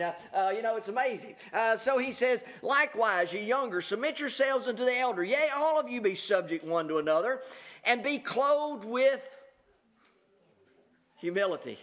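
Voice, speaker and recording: A man with a notably high voice preaching to his church. He reads old scripture verses aloud, then explains them in a plain, folksy way, often pausing with "uh" and repeating words as he goes. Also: fairly bright tone. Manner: conversational preaching, reading scripture aloud with many fillers. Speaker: pastor. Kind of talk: sermon.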